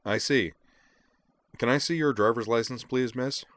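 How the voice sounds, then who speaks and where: A man's voice: mid-range voice, moderate pace, fairly bright tone, dry recording, voice pushed up, natural voice. A man voicing a burly, easygoing police sergeant in his forties as he reads a story aloud. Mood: questioning. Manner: easygoing, polite questioning. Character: burly middle-aged male police sergeant, friendly.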